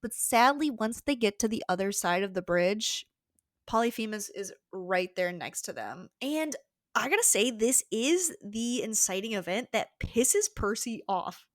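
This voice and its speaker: A woman's voice: mid-range voice, big pitch swings, measured pace, no room sound, studio quality. A woman co-hosting a podcast, recapping a book in casual chat with frank, wry asides. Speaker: podcast co-host.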